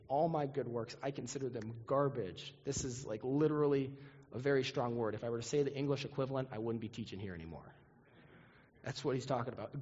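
A man's voice: medium pitch, darkish tone, husky. A man preaching a sermon as pastor, earnest and repetitive, acting out quoted prayers. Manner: earnest, repeats words, acts out quoted prayers. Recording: muffled audio with long hall reverb.

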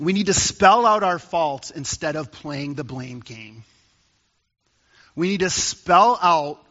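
A male pastor delivers a conversational sermon, building up emphasis as he tells a story. His voice sits a little high and sounds bright and forceful. The recording is slightly muffled and carries a long reverb from a large church.

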